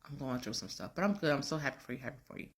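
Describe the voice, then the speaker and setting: A woman voicing an anxious young wife, repeating hurried reassurances. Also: very deep voice, animated. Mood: nervous. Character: anxious young wife hiding her trouble.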